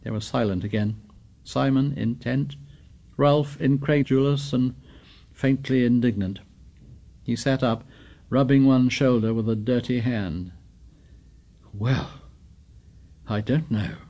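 Male audiobook narrator, mid-pitched, measured storytelling read. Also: warm tone. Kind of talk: scripted narration.

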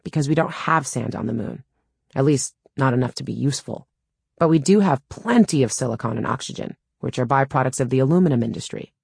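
A woman's voice: a bass voice, animated, brisk, gravelly, darkish tone, slightly rough, no room sound. A woman reading a first-person audiobook in a wry, dry storytelling manner, close to a studio mic. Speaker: audiobook narrator.

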